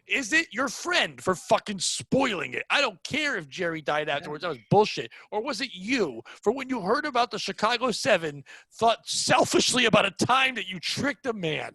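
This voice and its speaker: A man's voice: high voice, big pitch swings, moderate pace, few pauses, bright, forceful tone, slightly rough, no room sound. A man hosting a comedy podcast, ranting in a brash, profane, mocking way. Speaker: podcast host.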